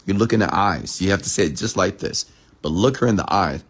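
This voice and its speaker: A man giving a late-night motivational rant, emphatic and repetitive, sometimes dropping to a hushed whisper to act out lines. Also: sits low, brisk, slightly rough. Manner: emphatic, repeats "I'm telling you", drops to a hushed whisper when acting out lines. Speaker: entrepreneur and mentor.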